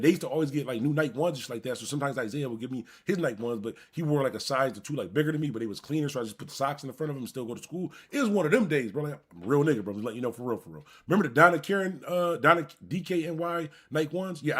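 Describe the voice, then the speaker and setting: A man's voice: medium pitch, husky. A man from Buffalo, New York, hosting a live stream and telling a rambling, profane personal story straight to his viewers. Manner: animated, rambling, profane, addresses viewers directly. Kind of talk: casual storytelling.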